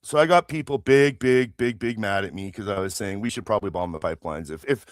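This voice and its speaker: A man's voice: lowish voice, brisk, dry recording, clean studio sound. A man hosting a live stream, delivering an angry, heavily profane political rant into a streaming mic. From Canada. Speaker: livestream host.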